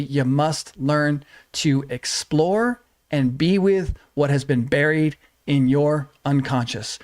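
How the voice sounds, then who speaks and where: A man teaching as a relationship coach on a livestream, earnest and repetitive, often checking in with "right?". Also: fairly high pitch.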